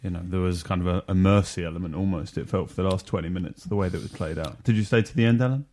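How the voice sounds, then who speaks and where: Deep-voiced man with wry interjections. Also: fast, warm tone. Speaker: podcast co-host. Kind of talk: casual football chat.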